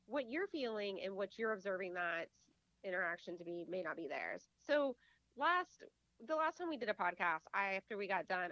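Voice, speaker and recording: A woman in her thirties co-hosts a laid-back podcast, speaking at medium pitch on a muffled recording with no room sound. She's an animated storyteller who acts out what people said.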